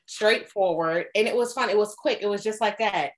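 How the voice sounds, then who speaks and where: A woman's voice: medium pitch, moderate pace. A woman guest on a podcast, chatting casually and often adding "you know what I'm saying.". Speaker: guest musician. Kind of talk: casual chat.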